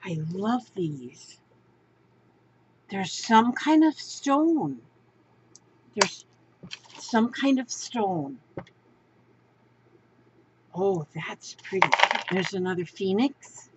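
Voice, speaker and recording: A woman crafter talks slowly through an unboxing, gushing and exclaiming and often saying things twice. Her voice sits at an ordinary pitch. It comes through a dull, lo-fi home recording with a faint hiss underneath. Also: sing-song. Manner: gushing, exclaims and repeats herself. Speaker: crafting vlogger. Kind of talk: unboxing show-and-tell.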